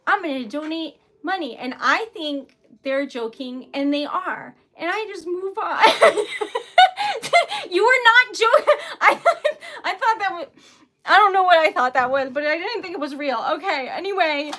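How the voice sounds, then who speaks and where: A woman's voice: very high-pitched, a little slow, sharp tone. A young woman running a casual livestream for her small business, flustered and giggly as she thanks viewers.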